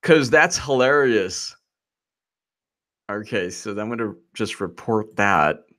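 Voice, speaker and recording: A man in his forties hosting casual political commentary, animated and quick to laugh, reading quotes aloud in a mocking tone. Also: fairly low pitch. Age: 40s. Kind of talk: casual live-stream commentary.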